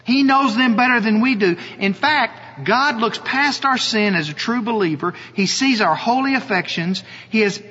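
Pastor guy preaching slow and earnest, high breathy voice, long hall echo, kinda dull audio. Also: bright, forceful tone. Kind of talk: sermon.

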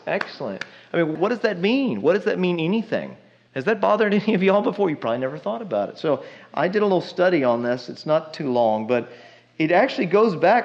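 A man's voice: on the high side, muffled recording. A man preaching a sermon in a conversational way, often asking the congregation questions. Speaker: pastor.

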